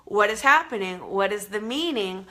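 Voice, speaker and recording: A woman's voice: medium pitch, lively intonation, normal speed, pushed and bright. A woman with a New Jersey accent, hosting a live-streamed talk show, chatty and earnest with many fillers and restarts. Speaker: spiritual show host. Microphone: live stream camera mic.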